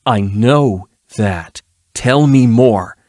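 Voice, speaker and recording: A man voicing a stern young female agent who talks slowly, tersely and coldly in a fantasy audiobook. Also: medium pitch, animated, a little mellow, no room sound, studio quality, voice pushed up. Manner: slow, terse, cold.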